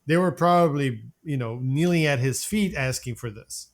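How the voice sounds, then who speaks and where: A man co-hosting a film review podcast, talking casually with animated, halting restarts. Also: mid-range voice. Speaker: podcast co-host.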